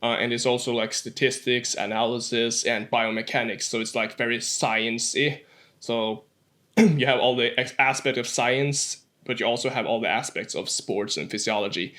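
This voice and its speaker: A young man in his twenties from Norway with a Norwegian accent, guest on a casual podcast, saying "like" a lot and often clearing his throat. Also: mid-range voice, steady tone, normal speed, a bit bright. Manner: says "like" often.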